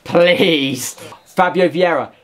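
A man giving gameplay commentary as a gaming YouTuber, excitable and shouting at the game. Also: fairly high pitch, slow pace.

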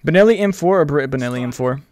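A young man streaming a video game, chatting casually with viewers, excitable and swearing freely, yelling when the action heats up. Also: a little high, fast talker, no echo. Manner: excitable, swears freely, yells during fights. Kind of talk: casual live-stream chat and gameplay commentary.

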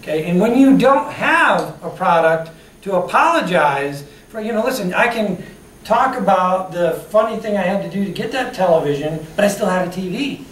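A high-pitched, expressive man speaks at normal speed with a slightly bright tone, giving an inspirational customer service talk that draws on personal stories and audience questions. A far-off mic in an echoey room adds faint hiss.

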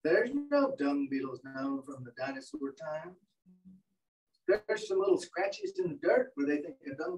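Animated high-voiced man lecturing. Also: distant mic, poor audio. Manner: animated storyteller, acts out voices. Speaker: entomologist lecturer. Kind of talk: anecdotal training lecture. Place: indoor training room.

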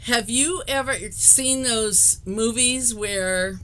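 Chatty woman doing a live craft stream, bright sharp voice, laughs a lot, kinda high. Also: takes it slowly. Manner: chatty, laughs often, rambling restarts. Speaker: host of a live card-making stream. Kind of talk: casual live-stream chat.

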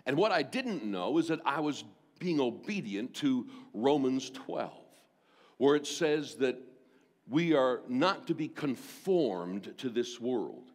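Storytelling pastor in a reverberant hall. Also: male voice, mid-range voice. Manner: storytelling, acts out voices in quotes. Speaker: senior pastor. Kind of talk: sermon with personal story.

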